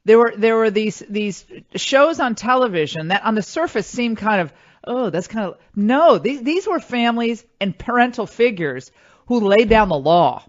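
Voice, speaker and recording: A woman hosting a radio talk show, bantering in a chatty, animated way and jumping between asides. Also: a little high, moderate pace. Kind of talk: casual on-air banter. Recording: slightly muffled radio audio.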